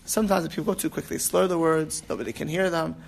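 A man's voice: fairly high pitch, fairly even intonation, fast, creaky. A man teaching an informal class on prayer, rambling and restarting with emphatic asides. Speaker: rabbi teaching about prayer.

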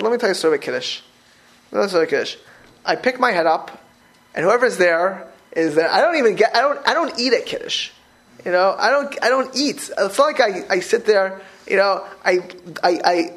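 A man, a rabbi giving an informal talk, rambling and repeating himself as he tells animated stories. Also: high voice, quick pace, gravelly. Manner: rambling, repetitive, animated storytelling with restarts.

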